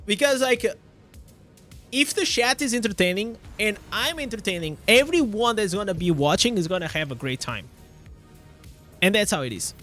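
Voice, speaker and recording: A young Portuguese-accented man chats with his live-stream viewers in a high, bouncy voice that swings all over its range. He keeps stammering and restarting his words and drops casual swears. Faint music plays underneath. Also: lively intonation, normal speed, a bit bright.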